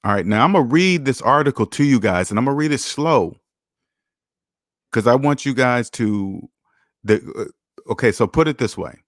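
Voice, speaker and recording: A man in the middle pitch range, talking straight into a dry, close microphone. He lectures insistently, hammering on the same points, swinging from loud stresses to low asides as he comments on an article. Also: lively intonation, moderate pace, pauses often, no echo. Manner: emphatic, repetitive, lecturing, swings loud and soft. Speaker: personal finance vlogger. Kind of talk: preachy video commentary reading an article.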